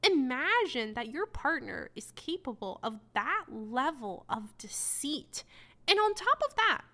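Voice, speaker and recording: A woman hosting a book review show, talking casually with heavy sarcasm and animated asides. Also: high voice, measured pace. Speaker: book review podcast host.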